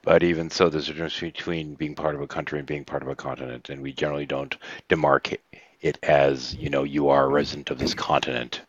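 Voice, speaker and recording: Very deep, wry, blunt man, dry recording, casual chat. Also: little pitch movement, quick pace, no room sound, lo-fi sound.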